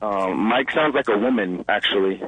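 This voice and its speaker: A man calling into a comedy radio show, asking confused deadpan questions. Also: fairly low pitch, normal speed, slightly rough, rough recording. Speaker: caller. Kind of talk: casual call-in chat.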